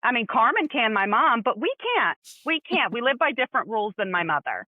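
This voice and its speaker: A middle-aged woman co-hosts a podcast, telling stories in a lively, casual chat and acting out quotes. Her voice sits on the high side and moves a little fast, with a dry, narrow, phone-like recording.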